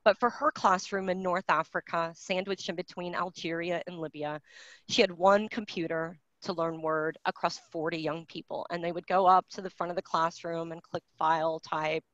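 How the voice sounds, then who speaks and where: A woman's voice: fairly low pitch, fairly even intonation, moderate pace, fairly bright tone, dry recording. A woman in her forties giving a virtual graduation address, talking candidly and conversationally with many fillers and restarts, heard over a video call. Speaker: keynote speaker. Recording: dry, dull lo-fi video call audio.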